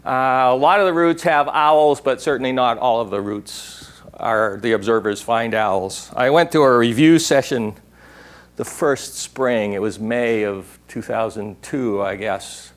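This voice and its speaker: A man's voice: medium pitch, measured pace. An older man giving a workshop talk in a lecture room, rambling and digressive, now and then imitating an owl's call. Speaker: workshop speaker. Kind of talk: conference talk.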